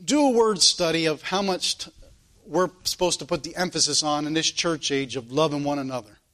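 A man's voice: on the high side, fairly quick, a bit bright. A man preaching a sermon and leading a closing prayer, with a fervent, repetitive preaching cadence. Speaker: pastor.

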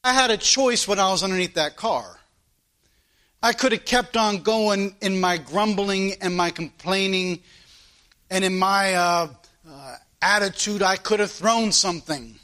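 A man preaching a sermon in a high, bright voice. He speaks earnestly, telling a personal story and putting rhetorical questions to the congregation. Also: unhurried.

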